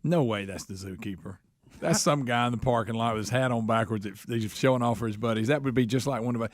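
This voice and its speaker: Wisecracking Southern radio co-host. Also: male voice, medium pitch, fast, dry recording, clean studio sound. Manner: wisecracking, incredulous. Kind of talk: casual banter.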